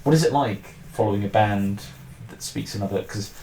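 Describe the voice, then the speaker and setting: A man's voice: on the low side, fairly quick, dark tone, a little hiss or hum. A man hosting a podcast, chatting casually and rambling with lots of restarts and fillers. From England. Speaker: podcast host.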